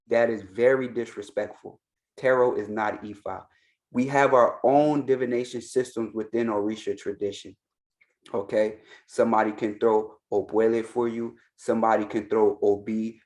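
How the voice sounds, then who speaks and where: A man's voice: on the low side, a little mellow. A man, an Ifa priest, giving insistent reaction commentary and hammering his points home by repeating them.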